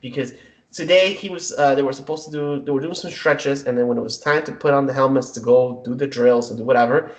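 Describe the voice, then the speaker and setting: A man's voice: mid-range voice, fast talker, lo-fi sound. A man hosting a casual podcast, joking and rambling with plenty of fillers. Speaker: podcast host.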